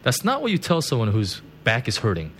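A man's voice: mid-range voice, wildly swooping pitch, brisk, slightly rough. A man preaching a conversational sermon as a pastor. He tells stories, laughs at his own jokes and keeps checking in with "right?" and "you know". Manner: chatty, constant "right?" and "you know" asides.

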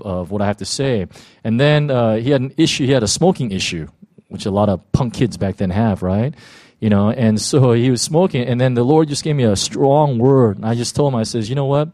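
A man's voice: mid-range voice, a little fast, dark tone, no echo, studio quality. An older man, a pastor, telling a story casually to his congregation before handing over the pulpit. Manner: casual storytelling with many fillers. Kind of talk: church announcement.

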